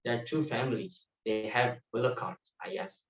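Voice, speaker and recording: A man teaching a devotional class, telling lively anecdotes with laughter. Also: mid-range voice, normal speed. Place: temple hall. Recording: distant muffled mic in echoey hall.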